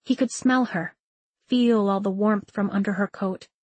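Female audiobook narrator, mid-pitched voice, measured delivery, dry recording. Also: fairly even intonation, darkish tone, slightly rough, no room sound. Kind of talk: scripted narration.

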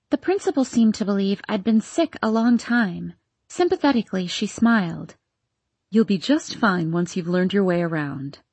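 A woman reading a novel aloud in steady scripted narration. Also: a little high, husky, no echo. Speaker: audiobook narrator.

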